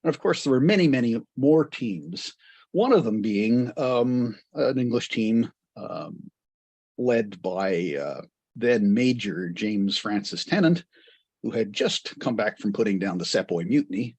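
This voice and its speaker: A man's voice: on the low side, lively intonation, measured pace, darkish tone, breathy edge, no echo. A man giving an astronomy history lecture to a club, digressive and full of wry asides.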